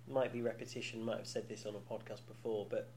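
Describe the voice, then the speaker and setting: A man's voice: lowish voice, little pitch movement, fast, a little mellow, a little hiss or hum. A man in his thirties co-hosting a podcast, talking candidly in casual chat with many restarts and frequent laughs. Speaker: podcast co-host.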